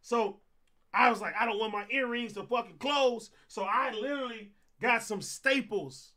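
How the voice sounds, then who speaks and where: A young streamer, telling a wild story in a very high, bright, cutting voice. He swears freely and acts out every quote. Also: normal speed. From Compton, California. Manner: animated, profane storytelling, acting out quotes. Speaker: streamer host. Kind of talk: casual storytelling on a livestream.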